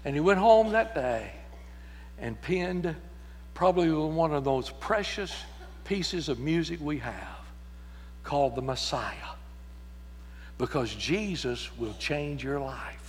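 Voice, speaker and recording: A man preaching a sermon, building emphatic repeated lines up to shouts and breaking into folksy stories, in a church sanctuary. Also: fairly high pitch, expressive, takes it slowly, long pauses, a little hiss or hum. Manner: emphatic, repetitive build-ups rising to shouts; folksy storytelling asides. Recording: long church reverb.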